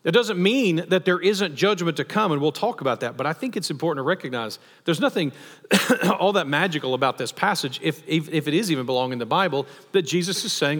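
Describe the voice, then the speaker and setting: Male preacher, slightly high voice, chatty emphatic sermon delivery, recorded with long reverb in a hall. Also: expressive, a little fast, fairly bright tone. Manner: conversational, with rhetorical questions and emphatic asides.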